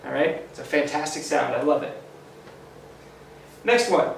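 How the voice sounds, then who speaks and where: Male teacher for a kids' phonics lesson, slow and encouraging, a bit high, echoey room. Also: animated, gravelly, a little hiss or hum. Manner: slow, encouraging, sounds out letters. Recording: echoey room, mic at a distance.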